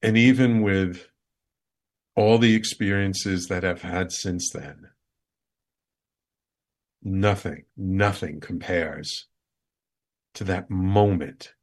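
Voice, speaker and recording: A man's voice: deep voice, slow pace, long pauses. A man hosting a show, earnestly telling a heartfelt personal story with repeated emphasis. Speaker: show host.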